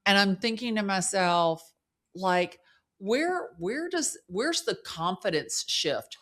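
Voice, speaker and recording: A woman's voice: mid-range voice, lively intonation, slow, a bit bright. A woman hosting a podcast, asking questions in a casual chat and often restarting her sentences. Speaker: podcast host.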